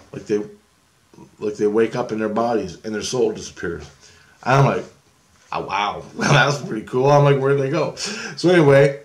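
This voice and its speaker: A middle-aged man vlogging, telling a long story in a loose, rambling way, swearing freely and laughing often. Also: mid-range voice.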